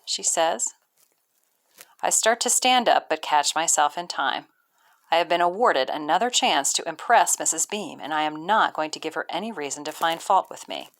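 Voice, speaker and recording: A woman teacher reading a novel aloud to her class, expressive, with brief teaching asides. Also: deep voice, unhurried.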